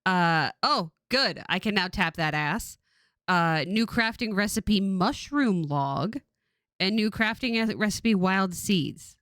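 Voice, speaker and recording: A woman's voice: mid-range voice, slow, no echo. A woman in her forties from California, chatting casually and laughing often while streaming a game. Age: 40s. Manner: rambling, laughs often, animated.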